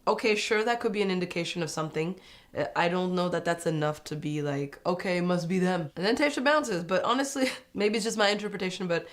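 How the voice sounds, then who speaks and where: A woman's voice: animated, fast. Chatty, sarcastic young woman. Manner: chatty, sarcastic, mimics people in high mocking voices. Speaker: reality TV recap vlogger. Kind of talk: casual opinionated recap.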